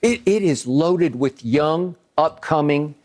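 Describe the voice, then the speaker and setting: A man's voice: on the high side, lively intonation, takes it slowly, a little mellow. An older man hosting a sports debate show, making emphatic points and repeating phrases for stress.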